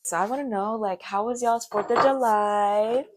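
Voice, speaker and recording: A young woman in her late teens, with a hoarse voice that sounds deep to her, chatting in a rambling, self-mocking way while she bakes for a vlog. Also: moderate pace, noisy background. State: hoarse from karaoke. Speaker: vlogger. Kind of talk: casual baking vlog chat.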